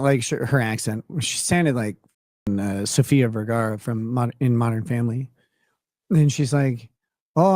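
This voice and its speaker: A man's voice: mid-range voice, a little mellow, no room sound, clean studio sound. Laughing man from Minnesota telling stories. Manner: rambling, laughing often, many restarts and fillers. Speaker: show host. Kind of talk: casual storytelling chat.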